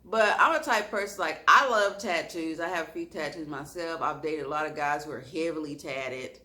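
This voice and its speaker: A woman telling a storytime to her vlog audience, her slightly low voice bright and forceful. She keeps the telling animated and expressive, breaking into laughter at the wild parts. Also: fairly quick. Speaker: vlogger.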